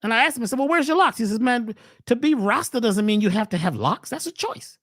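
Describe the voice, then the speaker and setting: A man hosting a spiritual health webcast, preaching in a steady run of rhetorical questions. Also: high voice, fairly quick, no echo, clean studio sound. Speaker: natural health webcast host. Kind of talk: spiritual motivational talk.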